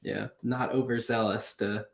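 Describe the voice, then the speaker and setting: A man's voice: mid-range voice, level tone, unhurried. Easygoing man host, echoey room. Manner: easygoing, affirming, filler-heavy. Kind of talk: casual live chat.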